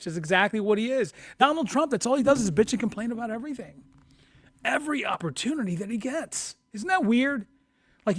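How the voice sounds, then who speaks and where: A man's voice: on the high side, no room sound, studio quality. A man streaming political commentary, ranting and mocking with lots of profanity. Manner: mocking, profane, animated rants.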